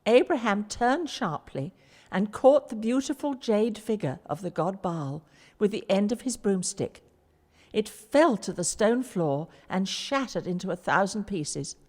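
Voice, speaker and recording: A woman's voice: medium pitch, lively intonation, unhurried, darkish tone. A woman reading a story aloud with expression, narrating between the characters' lines. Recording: long reverb.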